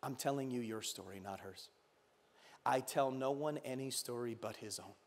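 A man voicing a huge, wise, gentle male lion, with a quiet but large, deep voice and a slow, solemn delivery. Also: close to an everyday voice.

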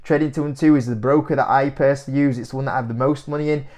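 Young guy vlogging to camera, animated, kinda incredulous, laughs a lot, normal middle pitch. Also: very fast. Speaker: investing YouTuber. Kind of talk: casual to-camera commentary.

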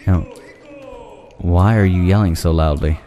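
A man with a deep, dark voice speaks steadily and without hurry as he provides goofy let's-play commentary. He talks back to the enemies on screen, yelping and pleading with them when a fight goes badly.

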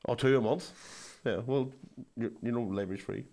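A man's voice: mid-range voice, normal speed, vocal fry, mellow. A man co-hosting a podcast who teases his partner in dry, casual banter. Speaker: podcast co-host.

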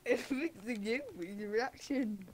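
A woman's voice: a little high, normal speed. A young woman chatting casually while gaming, giggling and denying things defensively. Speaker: gaming partner. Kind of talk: casual gameplay chat.

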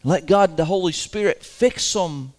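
A man's voice: sits high, unhurried. A man preaching a sermon to his congregation in a folksy, emphatic way, chuckling often. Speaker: pastor. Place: church sanctuary.

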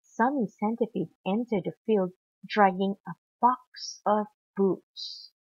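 A woman reading a children's picture book aloud in an animated, expressive manner. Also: mid-range voice, slow, breathy edge, dry recording, dull audio. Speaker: storyteller.

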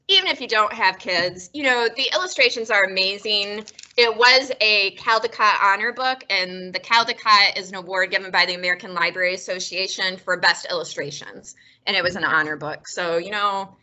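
A woman's voice: medium pitch, moderate pace, sharp tone. A woman librarian hosting a casual book talk, chatty and self-deprecating, often laughing. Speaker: librarian and host.

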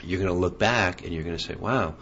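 A man hosting an interview show, speaking in a measured way with hesitant ums. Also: deep voice, fairly bright tone. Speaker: talk show host. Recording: dull lo-fi sound with faint hiss.

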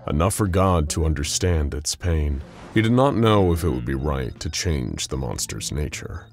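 A man with a very deep voice tells a scripted story, pacing it for drama. A faint music bed plays beneath his narration. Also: lively intonation, normal speed.

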